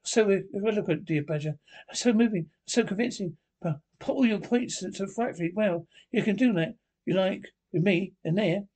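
A man's voice: high-pitched, moderate pace, a little mellow, pitched above the performer's own voice. A man voicing a vain, stubborn male toad who talks sulkily and gushes, in a storybook reading. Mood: sulky defiant. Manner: sulky, then gushing.

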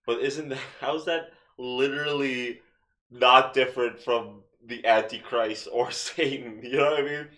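A man hosting a casual podcast, animated, swearing freely and firing off rhetorical questions. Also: mid-range voice, unhurried. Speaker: podcast host.

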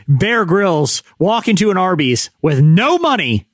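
A man co-hosting a morning show, joking in an animated, teasing, mock-outraged way. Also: high voice, a little slow, no room sound, studio quality. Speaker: co-host. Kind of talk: casual morning-show banter.

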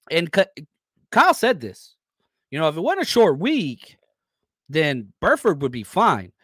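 A man's voice: mid-range voice, a bit bright, dry recording, studio quality. A man hosting a live sports podcast, talking loosely and energetically while reading chat comments aloud. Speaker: podcast host.

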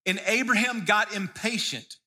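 Male pastor with a high, bright voice, preaching casually and often repeating himself mid-sentence. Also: moderate pace. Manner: conversational preaching with frequent restarts and repeated words. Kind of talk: sermon.

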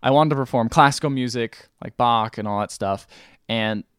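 A man's voice: mid-range voice, moderate pace, a bit bright, clean tone, dry recording. Podcast host, male, mid-range voice, dry close sound, casual recap that slips into character quotes. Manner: retells scenes by acting out the characters' lines.

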